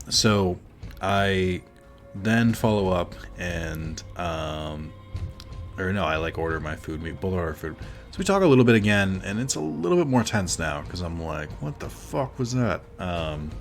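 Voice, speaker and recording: A man's voice: low voice, unhurried, soft background music. A male streamer casually telling a story while gaming, rambling and correcting himself, with lots of fillers.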